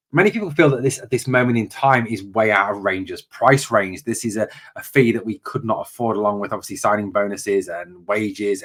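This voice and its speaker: A man's voice: on the low side, a bit bright. Guy ranting on his footy channel, fired up, hammers the same point over and over. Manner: passionate, ranting, repetitive emphasis. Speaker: football channel host. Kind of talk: opinion monologue.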